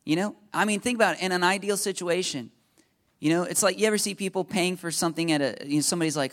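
A man from the United States preaching a sermon in an animated, joking way, often checking in with his listeners. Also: high voice, quick pace. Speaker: pastor.

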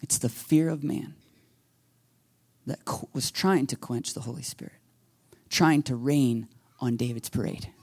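A man preaching a sermon as pastor, telling a story with lively quoted voices and sometimes dropping to a whisper. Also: medium pitch, a little slow, vocal fry. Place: church sanctuary.

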